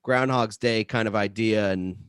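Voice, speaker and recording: A man on a podcast as a guest comedian, playful and quick to laugh. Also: on the low side, fairly bright tone, clean tone, no echo, clean studio sound. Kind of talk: casual chat.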